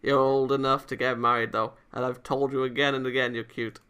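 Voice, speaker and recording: A man's voice: mid-range voice, level tone, fairly quick, few pauses, bright, forceful tone, clear, resonant tone. A man reading a visual novel aloud for a let's-play, narrating plainly and voicing the hero casually.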